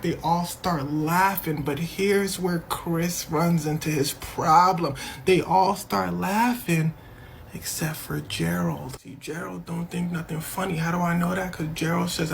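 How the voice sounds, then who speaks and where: A man giving animated storytelling commentary, switching into quoted voices and dropping to whispers. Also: fairly high pitch, gravelly, slight background noise.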